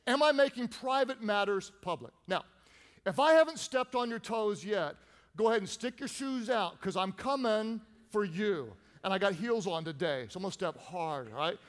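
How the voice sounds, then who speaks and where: A pastor preaching a sermon, playful and animated, drawing the congregation into call-and-response. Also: male voice, high voice, normal speed, in a large hall.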